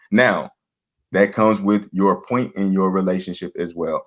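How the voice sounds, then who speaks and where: A man's voice: lowish voice, normal speed. A middle-aged man, a guest in a casual chat, giving earnest advice and acting out bits of dialogue. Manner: earnest, preachy, acts out dialogue.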